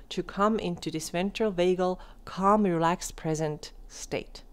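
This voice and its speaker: A woman hosting a coaching podcast, speaking directly to the listener and shifting between quick animated talk and slow, soft, calm delivery. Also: on the low side. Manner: addresses listener directly with questions. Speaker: podcast host and wellness coach.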